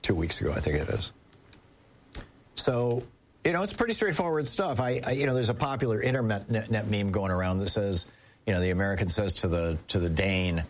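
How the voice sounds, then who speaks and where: A man hosting a political talk radio show, telling stories in an animated way, acting out quotes and often restarting his sentences. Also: on the low side, a little hiss or hum.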